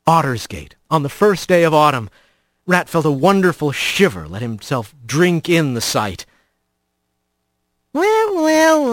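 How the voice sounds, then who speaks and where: A male narrator reading a storybook with a high, very lively voice that rises and falls dramatically. The sound is close and dry, with no room around it. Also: no echo. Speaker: audiobook narrator. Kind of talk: scripted fiction narration.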